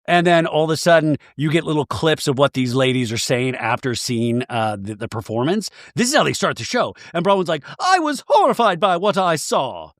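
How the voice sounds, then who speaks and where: A man hosting a podcast, recapping a show in an animated, profane, joking way with frequent laughs. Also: mid-range voice, brisk, few pauses, no room sound, studio quality. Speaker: podcast host. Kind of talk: comedic episode recap.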